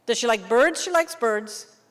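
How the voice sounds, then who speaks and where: Lively woman teaching in a reverberant hall. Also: a little high. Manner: lively, animated teacher, quick questions to the room. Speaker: English teacher. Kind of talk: teacher workshop demonstration.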